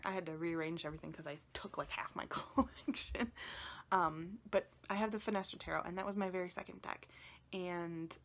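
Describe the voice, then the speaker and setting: Tearful woman rambling in hushed tones. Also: lowish voice. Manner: rambling, often drops into a hushed whisper. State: emotional, on the verge of tears. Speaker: tarot video creator. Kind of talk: casual vlog chat to viewers.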